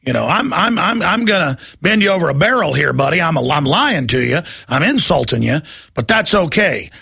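A man's voice: a little high, very animated, brisk, creaky, pushed and bright, breathy edge, no echo, clean studio sound, full character voice. A man putting on a boastful, rowdy Texan cowboy politician caricature, drawling and hollering. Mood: mocking, sly.

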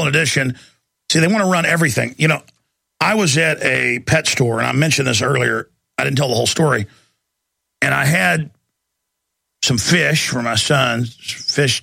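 A man's voice: mid-range voice, gravelly, bright, forceful tone, no room sound. A man hosting a talk show, ranting heatedly and emphatically, often repeating himself for effect. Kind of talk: ranting political commentary.

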